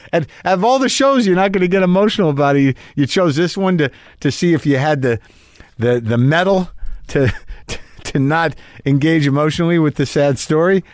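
A man's voice: fairly high pitch, brisk, no room sound, clean studio sound. A man hosting a podcast, rambling casually with many restarts and fillers. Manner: rambling, self-interrupting, laughs often. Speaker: podcast host. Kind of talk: casual chat.

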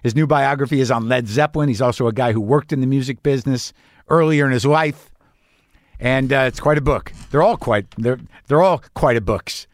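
A middle-aged man hosting a podcast, in a rambling, wry monologue with halting restarts. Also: medium pitch, dry recording, clean studio sound. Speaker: podcast host. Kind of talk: casual monologue.

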